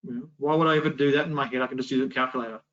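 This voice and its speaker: A man leads an adult Bible class in a loose, chatty way, breaking off mid-sentence and firing rhetorical questions at his listeners. His voice sits at an ordinary middle pitch. The recording is dull and lo-fi. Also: steady tone, racing, fairly bright tone, slight background noise. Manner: conversational, many restarts and rhetorical questions. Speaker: Sunday school teacher.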